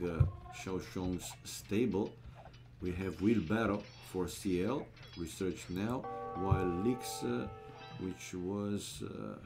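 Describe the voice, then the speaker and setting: A man with a non-native English accent, casually commenting a strategy game live and answering chat, with many fillers. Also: sits low. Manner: relaxed, rambling, frequent uh fillers, chuckles at chat. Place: gaming room.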